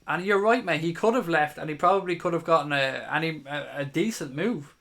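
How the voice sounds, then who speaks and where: A man's voice: a little high, animated, a little fast, few pauses, a bit bright. A man in his thirties hosting a live stream, casually reading viewer comments aloud in a chatty, matey way and swearing now and then. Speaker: fan channel host.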